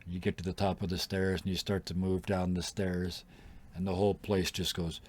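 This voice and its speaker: A man narrating as game master, relaxed and rambling, with fillers and laughter. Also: low voice, normal speed, a little hiss or hum.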